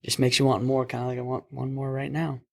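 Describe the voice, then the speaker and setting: Young man, paramedic podcast host, casual storytelling, animated, laughs a lot. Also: mid-range voice, quick pace, creaky. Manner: animated, acts out voices in his stories, laughs often. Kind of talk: casual storytelling over beers.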